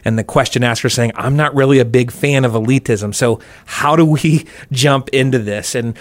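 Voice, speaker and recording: An upbeat man hosts a casual faith podcast, joking easily with his co-host. His voice sits at a middle pitch and is recorded dry and close. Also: moderate pace, no room sound.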